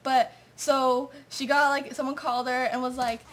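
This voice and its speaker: A woman's voice: sits high, little pitch movement, normal speed, a bit bright. A woman telling a story in a casual confessional way, rambling along and filling it with "like" and "and so". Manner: rambling, lots of "like" and "and so".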